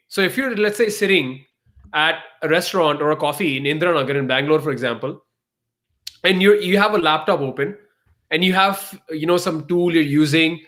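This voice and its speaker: A man with an Indian accent, a podcast guest telling stories in a casual, animated way and acting out bits of dialogue. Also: high voice. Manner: animated, code-switching, acts out dialogue. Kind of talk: casual storytelling.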